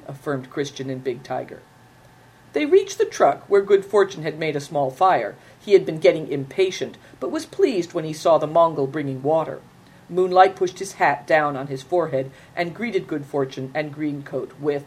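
Low, husky woman reading a novel. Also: normal speed. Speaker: narrator. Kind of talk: audiobook narration.

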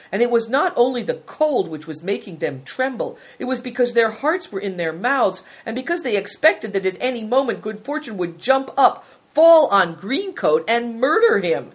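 A woman narrating an audiobook story in a steady, measured way. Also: medium pitch, breathy edge.

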